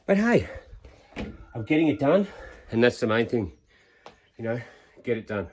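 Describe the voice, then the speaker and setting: Man, fifties, casual workout chat, counts reps aloud, encouraging, mid-exertion, middling pitch, faint background hiss. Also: sing-song, moderate pace, darkish tone. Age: 50s. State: exerting during a leg workout. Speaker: fitness vlogger. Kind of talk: casual workout talk-along. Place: home workout space, indoors.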